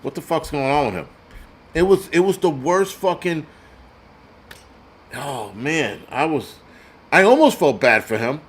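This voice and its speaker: A man's voice: on the high side, expressive, unhurried, pauses often, slightly rough. Crude ranting male prepper host. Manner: reads donor names aloud. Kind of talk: profane live-stream commentary.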